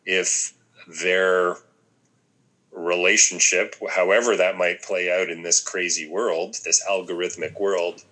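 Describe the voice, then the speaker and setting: A man with a very low voice that still carries a bright, forward edge. He muses aloud in relaxed conversation, pausing and restarting as he gathers his thoughts. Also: poor audio. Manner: reflective, thinks aloud with many ums and restarts. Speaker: podcast co-host discussing a film. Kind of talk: casual conversation.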